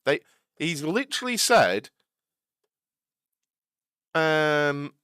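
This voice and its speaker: A man's voice: on the high side, big pitch swings, sharp tone, smooth, dry recording, clean studio sound. A young man hosting a live watch-along stream, answering viewer chat in an earnest, slightly exasperated way and often restarting his sentences. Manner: halting, many restarts and repeated words.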